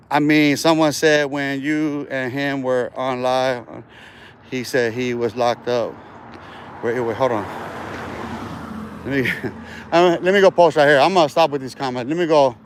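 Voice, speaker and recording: A man's voice: medium pitch, measured pace, pauses often, a little hiss or hum. A man livestreaming outdoors in a park while walking, talking casual street slang and boasting with profanity.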